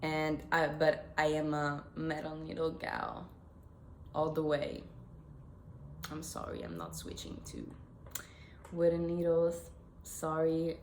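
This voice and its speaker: A woman's voice: low voice, slow pace, pauses often. A young woman with an Italian accent, chatting casually to camera as host of her knitting podcast, self-correcting and giggling as she goes. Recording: echoey room with faint noise.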